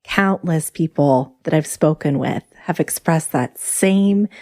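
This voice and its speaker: A woman podcast host answers her guest with thoughtful empathy. Her voice sits low for a woman. The sound is dry and close to the mic, with no room around it. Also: slow, dark tone, dry recording. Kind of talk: interview conversation.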